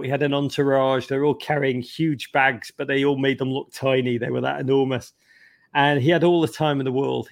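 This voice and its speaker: A middle-aged man with an English accent, telling lively stories as a podcast guest, swearing freely and acting out other people's voices. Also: fairly high pitch. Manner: animated, swearing, acts out voices. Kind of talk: storytelling in conversation.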